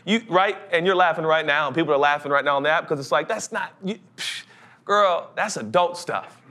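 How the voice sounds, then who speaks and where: Male pastor, young adult, animated sermon, fairly high voice. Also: a little fast. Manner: animated, comic voices, builds to urgent.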